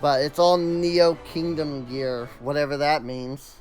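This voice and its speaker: A man's voice: fairly high pitch, a little slow, faint music behind. A man streaming a video game, chatting casually with amused asides. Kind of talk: casual chat while playing a game.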